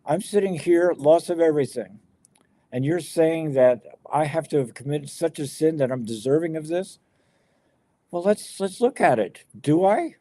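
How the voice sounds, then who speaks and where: Mellow-voiced man teaching scripture. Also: a little high, lively intonation, normal speed, dry recording. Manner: conversational, paraphrasing scripture in first person with many restarts. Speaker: Bible teacher. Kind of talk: verse-by-verse Bible study talk.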